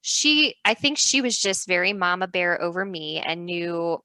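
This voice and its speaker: A woman in her thirties co-hosting a casual faith podcast, telling a story with lively acted-out quotes and laughter. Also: lowish voice, a little slow, smooth, no echo. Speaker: podcast co-host.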